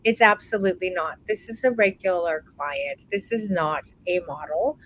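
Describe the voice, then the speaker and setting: A woman hosting a live online photography class, talking warmly and encouragingly to her students, calling them "baby" and stretching out words for emphasis. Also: lowish voice, moderate pace, slight background noise, rough recording. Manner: warm encouraging, calls people baby. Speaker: photography course instructor.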